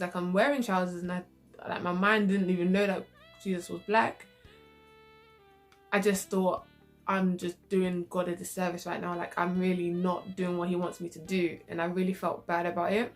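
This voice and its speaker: A young woman telling a casual storytime, acting out her own quoted reactions. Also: fairly low pitch. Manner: animated, acts out quoted reactions. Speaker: vlogger.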